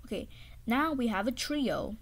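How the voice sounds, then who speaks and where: A woman's voice: on the high side, unhurried, heavily acted. Gumby, a woman doing a cheerful clay boy. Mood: excited. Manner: stammering, excited baby talk to a pet. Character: cheerful clay boy, carefree and thoughtless toward his friend. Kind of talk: home toy play-acting.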